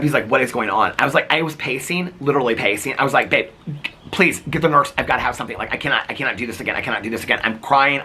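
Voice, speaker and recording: A man recounts his hospital visit to camera in a loose, rambling vlog style, packing his sentences with fillers. His voice is bright and forward, with a husky edge to it. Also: medium pitch. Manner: rambling, many "like" fillers, animated retelling. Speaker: vlogger. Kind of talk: casual storytelling to camera.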